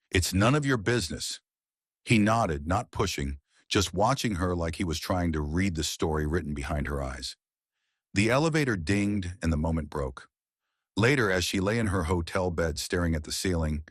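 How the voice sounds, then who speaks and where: A man with a very low, husky voice reads a romance story in a calm, measured audiobook style. The recording is close and dry with no room sound. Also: no echo. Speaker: narrator. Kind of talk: scripted audiobook narration.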